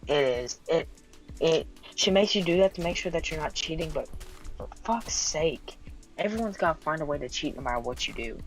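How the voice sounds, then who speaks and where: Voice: mid-range voice, expressive, normal speed, faint music behind, poor audio. A friend in casual chat who talks hesitantly, often stopping and restarting.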